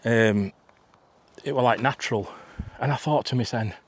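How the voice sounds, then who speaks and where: This man in his fifties is vlogging outdoors in a field, spinning a loose, talkative story packed with restarts and side comments. He speaks at medium pitch and a moderate pace.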